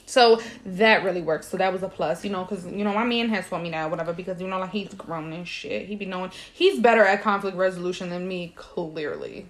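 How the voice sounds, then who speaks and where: A woman's voice: on the low side, quick pace, hardly any pauses. A young woman co-hosting a podcast, chatting casually and acting out the people in her stories with slang. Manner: animated storyteller, acts out quotes, slangy. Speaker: podcast co-host. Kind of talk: casual chat.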